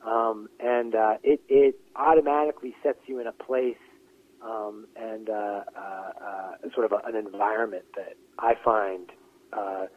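Guest playwright, male, halting and filler-heavy, on a narrow phone line. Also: lowish voice, fairly even intonation. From Western Pennsylvania. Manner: hesitant, many fillers and restarts. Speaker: playwright and actor, interview guest. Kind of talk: casual interview talk. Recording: tinny phone-line audio.

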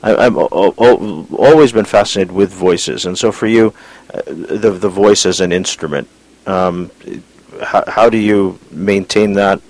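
A man hosting an internet radio interview, asking questions haltingly with many restarts. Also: low-pitched, darkish tone, poor audio. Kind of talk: interview conversation.

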